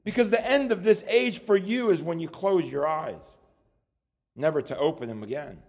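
High-voiced male preacher, earnest. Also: moderate pace, darkish tone. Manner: earnest, repeats words while building points. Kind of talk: sermon.

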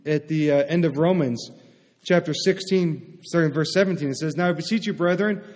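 A man preaching in a relaxed, conversational way, with a voice that sits a little high for a man. He often pauses to ask his listeners "right?". His voice rings out into a long hall reverb. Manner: conversational, asks the congregation "right?". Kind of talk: sermon.

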